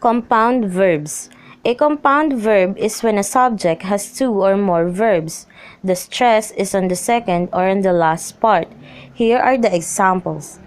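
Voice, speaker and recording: A young woman reading a lesson script aloud, slowly and evenly, through rules and example phrases. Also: medium pitch. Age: young adult. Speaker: student presenter.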